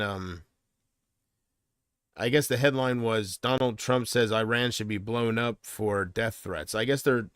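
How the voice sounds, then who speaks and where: A man's voice: mid-range voice, a bit bright, clear, resonant tone, no room sound, studio quality. A man chatting casually on a livestream from home, rambling and hesitant, often trailing off.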